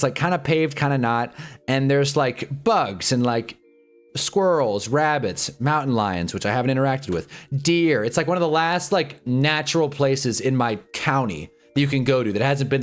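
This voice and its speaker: A man in his twenties ranting casually on a livestream, rambling and joking with frequent laughs. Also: medium pitch. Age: 20s. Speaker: livestream host.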